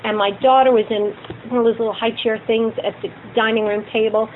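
A woman's voice: fairly high pitch, a little fast. A middle-aged woman candidly telling personal stories to a group she leads. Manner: candid, animated storytelling with acted quotes. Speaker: group leader. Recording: tinny phone-like sound with faint noise.

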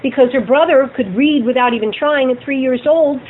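Leading a group, a middle-aged woman recounts personal experiences openly in a high-pitched, slightly fast voice. She acts out quotes with lively energy, heard through a tinny, phone-quality recording with faint background noise.

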